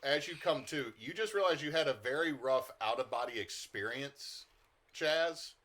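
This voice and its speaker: A man's voice: medium pitch, lively intonation, normal speed, sharp tone. A man narrating as game master of a tabletop horror game, explaining rules and describing scenes in a casual way.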